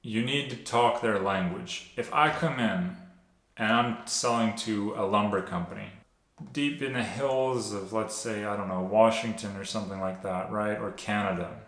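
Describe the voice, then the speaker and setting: A man's voice: fairly low pitch, normal speed, fairly bright tone. A man giving direct-to-camera sales tips as a sales coach, explaining in an instructive way and often checking in with "right?". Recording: echoey room.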